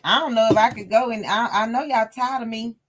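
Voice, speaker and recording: A woman's voice: a little high, fairly quick, noisy background. A woman hosting a casual livestream sewing lesson, chatty and laughing often as she talks to her live chat. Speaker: sewing tutorial host.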